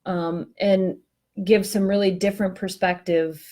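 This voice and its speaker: A woman's voice: mid-range voice, level tone, measured pace, mellow. A woman co-hosting a casual talk on workplace culture, telling a story in a chatty, self-mocking way over an online call. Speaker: co-host discussing workplace culture.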